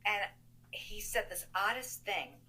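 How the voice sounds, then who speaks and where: A woman, the older sister of a missing man, recounting events in an interview in an emphatic, animated way. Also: medium pitch, takes it slowly, poor audio.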